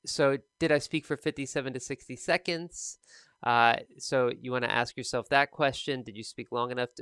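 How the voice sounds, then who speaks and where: A man's voice: medium pitch, pushed and bright, clean tone, dry recording, studio quality. A man teaching an English test-prep lesson, talking casually and giving feedback with plenty of fillers and restarts. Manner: casual and conversational, many fillers. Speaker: TOEFL speaking teacher.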